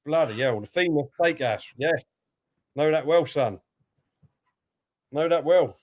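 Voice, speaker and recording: A man with an East London accent co-hosting a football fan live stream, reading out viewer comments and chatting in a relaxed, friendly way. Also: on the high side, unhurried. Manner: chatty, relaxed, thanks viewers and retells comedy bits. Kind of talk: casual chat.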